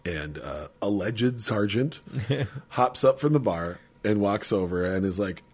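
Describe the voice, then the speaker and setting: A man telling a story in casual podcast chat, animated and profane, laughing often. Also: lowish voice, a little slow, husky.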